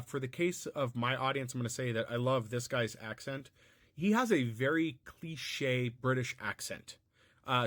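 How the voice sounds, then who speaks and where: A man's voice: medium pitch, a bit bright, dry recording, clean studio sound. An American man giving unscripted, musing commentary, often restarting his sentences. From United States. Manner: rambling and musing, frequent restarts and fillers.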